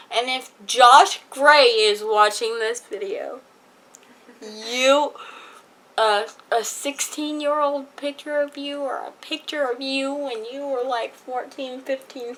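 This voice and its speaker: A woman's voice: sits high, fairly bright tone, a little hiss or hum, rough recording. A teenage girl telling a personal story to her viewers in a chatty, rambling way. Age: teens. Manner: chatty, rambling, many fillers. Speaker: vlogger. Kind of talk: casual story time.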